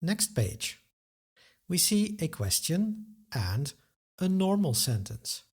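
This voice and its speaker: A man's voice: fairly high pitch, sing-song, slow, husky. A male language teacher giving a webinar grammar lesson, explaining answers methodically step by step and carefully sounding out example words.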